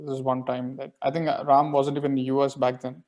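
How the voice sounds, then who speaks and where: A man's voice: mid-range voice, little pitch movement, a little fast, a little mellow. A man from India co-hosting a podcast, talking in casual chat, hesitant with fillers and repeats. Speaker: podcast host.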